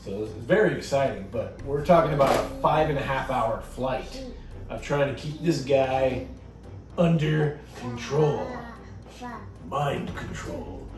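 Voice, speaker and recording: A man's voice: mid-range voice, unhurried. A man hosting a comedic casual vlog, talking in a jokey, self-mocking way. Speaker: host. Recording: roomy sound from a distance with music.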